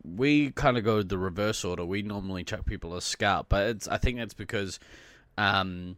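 A man co-hosting a podcast in casual chat, his voice a little rough from being sick, laughing often and rambling with many fillers. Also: on the low side, moderate pace, fairly bright tone, no room sound. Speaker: podcast co-host.

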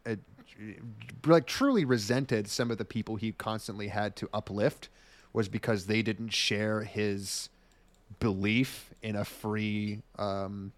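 A man's voice: fairly low pitch, slow pace. A man co-hosting a casual podcast, rambling enthusiastically and swearing often. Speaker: podcast co-host.

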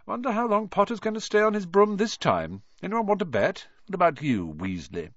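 A man's voice: high-pitched, sing-song, fairly quick, fairly bright tone, dry recording, lo-fi sound, pitched above the performer's own voice, exaggerated voice. A man reading an audiobook voices a spiteful, sneering rich schoolboy who taunts others. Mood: mocking. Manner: taunting, mocking.

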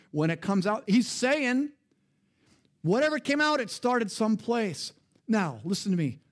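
High-voiced middle-aged male pastor. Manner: conversational, personal storytelling with sudden rises and drops in pitch and volume. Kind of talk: sermon.

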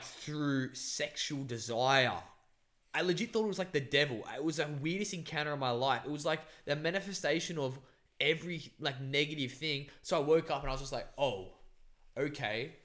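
A man's voice: a little high, normal speed, a bit bright. A young man, chatting casually and recounting a dream in a rambling, profane way, full of fillers.

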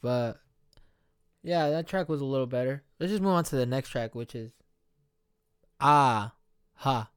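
Smooth-voiced man rambling casually. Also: medium pitch, a little slow, pauses often, no room sound, studio quality. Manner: loose, rambling, heavy use of "like" and "you know what I'm saying". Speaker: podcast host reacting to an album. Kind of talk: casual reaction chat.

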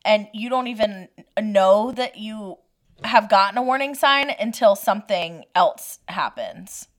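A woman's voice: medium pitch, expressive, a little slow. A woman co-hosting a podcast in casual chat, telling stories animatedly and laughing easily. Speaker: podcast co-host.

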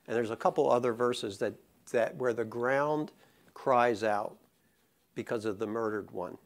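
A man preaching a sermon. He talks casually with many fillers, then builds to slow, impassioned emphasis. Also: mid-range voice. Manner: conversational, rising to impassioned emphasis; many fillers and restarts in the calmer parts. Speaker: pastor.

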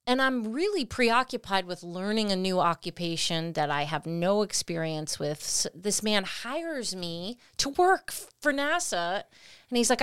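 A woman co-hosting a podcast, telling a personal story in a lively way and acting out her own past words. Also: medium pitch, clean tone, no room sound, clean studio sound. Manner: animated, acts out her own past lines. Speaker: podcast co-host. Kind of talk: storytelling conversation.

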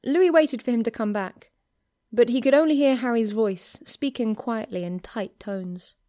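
A woman reading a fan fiction story aloud as narrator in an even, clear telling. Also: fairly high pitch, a little slow, dry recording, studio quality.

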